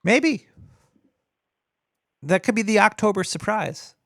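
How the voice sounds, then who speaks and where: Gravelly man hosting a call-in show. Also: sits high, takes it slowly, no room sound, studio quality. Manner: loose, joking, deadpan absurd humor. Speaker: radio show host taking calls. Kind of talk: casual call-in show banter.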